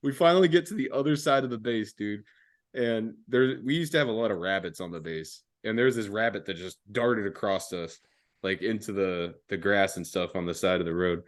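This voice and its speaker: Lowish and brisk, a young man's voice carries a casual podcast story packed with profanity and slang. He stays laid-back, laughs a lot, and keeps dropping "dude" and "man" as fillers.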